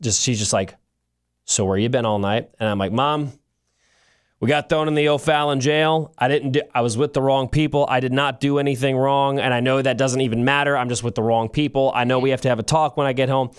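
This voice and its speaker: A man's voice: medium pitch, steady tone, brisk, clear, resonant tone. A man co-hosting a podcast, telling a long story in a casual, rambling way and correcting himself as he goes. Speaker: podcast co-host.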